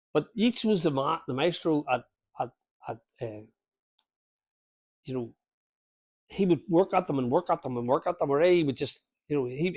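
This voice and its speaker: A man's voice: on the high side, a little mellow, no echo. Hesitant Northern Irish man talking. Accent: Northern Irish, Lurgan. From Northern Ireland. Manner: hesitant, restarts often. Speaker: speaker at a talk. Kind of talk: casual talk discussing a recording.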